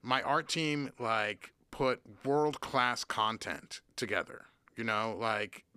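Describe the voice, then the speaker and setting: A man from Cincinnati talks as a guest on an interview show, with a bright, crisp voice. He tells stories in an animated way, his sentences running on with "like" and the odd swear word. The sound is dry and close. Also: mid-range voice, slow pace, dry recording. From Cincinnati, USA. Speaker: guest, drummer and producer. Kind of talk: casual interview storytelling.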